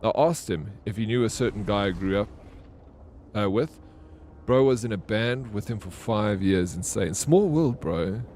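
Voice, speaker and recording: A man with a lowish, slightly mellow voice streams a video game live, with a little background noise behind him. He chats casually with viewers, reading out and answering their messages while telling rambling stories packed with fillers and restarts.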